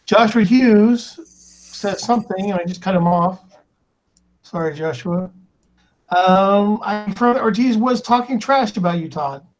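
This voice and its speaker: High-voiced man reading stream chat. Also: measured pace, poor audio. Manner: reads viewer comments aloud, chuckling, stumbling over names. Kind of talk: casual live stream chat.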